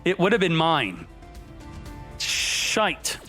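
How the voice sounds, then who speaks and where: A man's voice: fairly high pitch, lively intonation, normal speed, fairly bright tone. Hyped male streamer over faint music. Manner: hyped, jokey, talks to himself while playing. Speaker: gaming streamer. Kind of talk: excited gameplay commentary.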